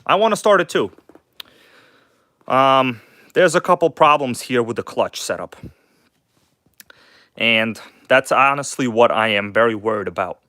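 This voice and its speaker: A man's voice: mid-range voice, lively intonation, a little slow, long pauses, sharp tone, dry recording, clean studio sound. Chatty man hosting a live stream. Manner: rambling, chatty, addresses viewers as guys; enthusiastic, blunt, casual swearing. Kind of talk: casual live-stream show-and-tell.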